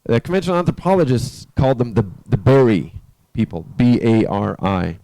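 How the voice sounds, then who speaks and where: Male preacher, relaxed dark tone, close dry recording, chatty story delivery with restarts. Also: medium pitch, no room sound. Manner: conversational, halting with restarts. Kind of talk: storytelling sermon. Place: church.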